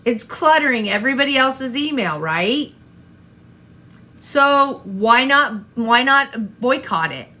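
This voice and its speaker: A woman's voice: on the high side, expressive, takes it slowly, bright, forceful tone. A woman coaching an online audience, talking straight to viewers and firing rhetorical questions, often repeating herself. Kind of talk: live-stream coaching talk.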